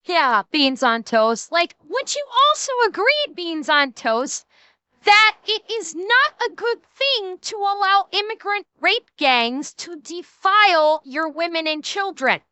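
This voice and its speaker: High, lively, blunt streamer woman. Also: takes it slowly, dry recording. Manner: blunt, swearing, mocking. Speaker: streamer reacting to a video. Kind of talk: casual reaction-stream chat.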